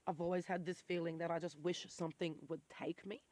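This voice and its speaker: This vlogger, an Australian in their forties, has a flat, slightly mellow delivery at a fairly quick pace. In a candid monologue they're blunt, intense and rambling, swearing freely, and their worn voice turns squeaky when they get worked up.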